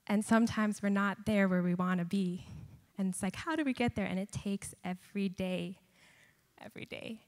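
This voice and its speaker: A woman's voice: mid-range voice, moderate pace, darkish tone. A young woman, a student missionary, telling an earnest personal testimony at a chapel service. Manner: earnest, heartfelt storytelling. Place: large university chapel. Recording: long reverb of a large chapel.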